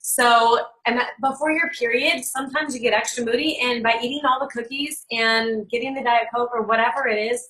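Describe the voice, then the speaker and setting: A woman's voice: fairly high pitch, steady tone, fairly quick, few pauses, a bit bright, rough recording. A woman in casual chat on a live call, recommending products and acting out quoted talk. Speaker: product presenter.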